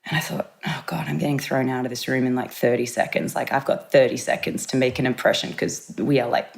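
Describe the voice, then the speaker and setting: A woman in her thirties with an Australian accent, telling a lively story as a podcast guest and acting out the voices of the people in it. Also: very deep voice, brisk, creaky. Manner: animated storyteller, acts out quoted voices. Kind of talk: casual anecdote.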